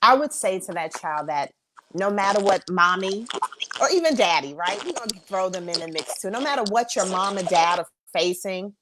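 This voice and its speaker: A woman's voice: mid-range voice, expressive, normal speed, a loud crowd. A woman answering interview questions, earnest and emphatic, speaking with faith. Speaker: guest.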